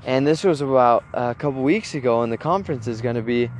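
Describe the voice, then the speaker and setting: A man telling a story in a casual monologue, animated, with frequent restarts and repeated words, recorded outdoors. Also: mid-range voice, quick pace, a little hiss or hum.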